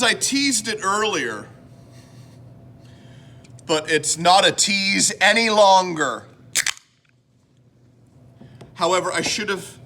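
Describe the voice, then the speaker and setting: A man's voice: on the high side, pushed and bright, a little hiss or hum. A man from Canada hosting a casual home vlog, rambling and joking at his own expense. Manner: rambling, self-mocking, jokey. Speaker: host.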